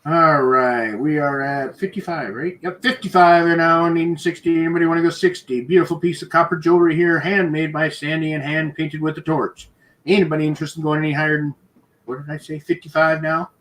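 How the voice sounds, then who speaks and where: A man's voice: a little high, steady tone, fairly bright tone. Man calling bids at a live auction. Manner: brisk, repetitive bid-calling with chuckles. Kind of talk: live online auction patter.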